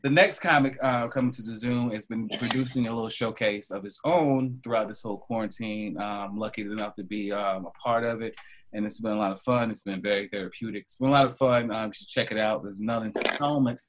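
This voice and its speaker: Soft-spoken man hosting a comedy show. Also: on the low side, steady tone, a little hiss or hum. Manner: soft-spoken, halting, sincere. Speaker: showcase host. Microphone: video call.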